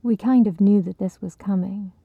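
Brief: woman voicing a timid, worried woman in a storybook, low gravelly tone. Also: fairly even intonation, moderate pace, dry recording, phone-quality sound. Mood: cautious. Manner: cautious, worried. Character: timid cautious woman Cheryl, a story character. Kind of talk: audiobook character reading.

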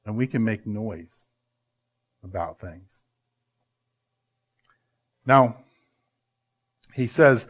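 A man, a pastor, preaching a sermon with emphatic swings from loud to hushed and slowing down to stress words. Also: fairly low pitch.

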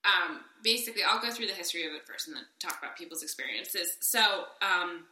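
A woman's voice: fairly low pitch, lively intonation, brisk, pushed and bright, roomy sound. A woman co-hosting a podcast in casual chat, giggly and rambling with lots of fillers. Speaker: podcast co-host.

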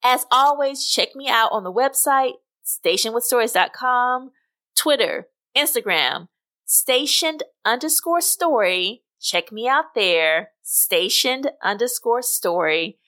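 A woman podcast host reading her own story aloud, with an expressive, animated delivery. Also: fairly high pitch, slow pace. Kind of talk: scripted story narration.

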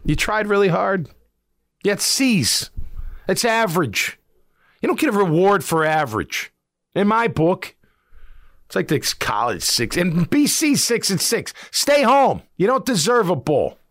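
Blunt high-voiced man talking football. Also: big pitch swings, measured pace, fairly bright tone, no echo, clean studio sound. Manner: blunt, emphatic opinions. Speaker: sports talk host, former player. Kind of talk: casual sports talk.

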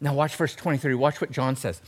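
A man preaching a sermon as pastor, animated and jokey, talking straight to his congregation. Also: mid-range voice, a little fast.

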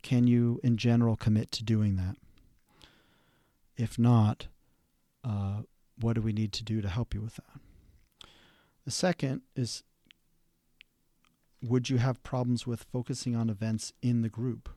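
A man, a therapist hosting a podcast, giving an instructional talk in a measured, halting way with fillers and restarts. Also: mid-range voice, level tone, mellow, dry recording, studio quality.

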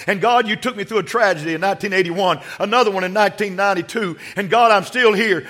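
A man preaching a sermon as pastor of a church, swinging from hushed asides to shouted appeals. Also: high-pitched, quick pace, few pauses. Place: church sanctuary.

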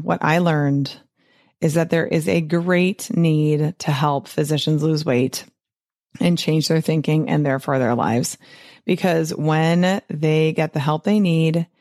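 A woman's voice: on the low side, darkish tone, no room sound, studio quality. Chatty upbeat woman podcast host. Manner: chatty and upbeat, laughs often, quick asides. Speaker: podcast host, physician and weight-loss coach. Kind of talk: casual solo podcast talk.

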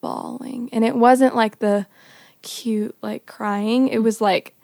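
A young woman telling a personal story casually on a podcast, animated and often dropping to a whisper. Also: fairly high pitch, slow, creaky, no room sound, studio quality. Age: young adult. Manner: animated, often drops to a whisper when quoting. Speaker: podcast guest.

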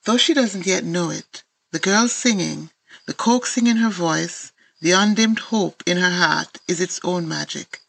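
A woman's voice: fairly low pitch, measured pace, gravelly, a bit bright, low-quality recording. A woman from Antigua with an Antiguan accent, an author reading her own children's picture books aloud in lilting storybook narration.

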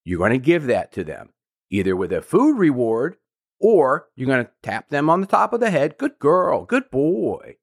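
A man hosting a podcast, giving calm, repetitive step-by-step puppy training instructions. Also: mid-range voice, moderate pace.

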